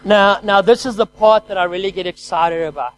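A man preaching a lively sermon who calls out to his congregation and swings between loud exclamations and quiet, hushed lines. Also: high-pitched, brisk, a little hiss or hum, low-quality recording. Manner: energetic call-and-response preaching.

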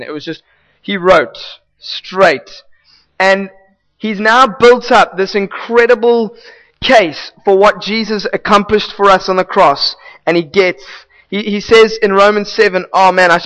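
A man's voice: high voice, a bit bright, poor audio. A male pastor preaching a sermon in a conversational, emphatic way, repeating key phrases.

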